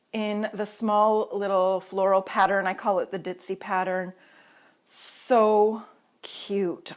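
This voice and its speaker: Woman vlogger from Canada, excitable and gushing, casual chat filmed at home on a tripod camera. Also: medium pitch.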